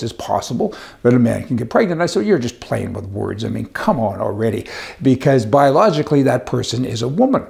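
A man's voice: mid-range voice, creaky, a little mellow. A man delivering a rambling, indignant opinion monologue with a sarcastic edge. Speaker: commentator.

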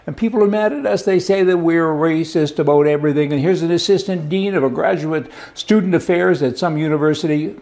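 A man's voice: a little high, creaky, darkish tone. A middle-aged man from Canada delivering a blunt, sarcastic monologue of opinion commentary.

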